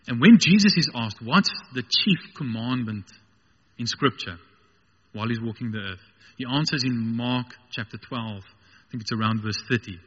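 A man's voice: medium pitch, normal speed, husky, big-room sound, lo-fi sound. A man preaching a sermon with passion, building to emphatic peaks.

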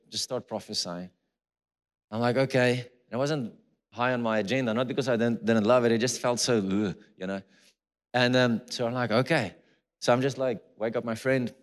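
A man preaching a sermon, moving from a relaxed personal story to fervent, rising preaching. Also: medium pitch. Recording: long reverb of a hall.

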